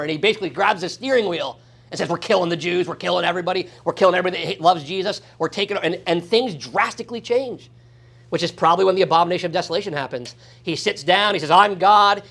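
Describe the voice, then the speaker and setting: A man's voice: high-pitched, fairly bright tone. A man, a pastor, teaching a Bible study in a conversational way, often checking in with "right?" and acting out quoted voices. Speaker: pastor teaching Sunday school.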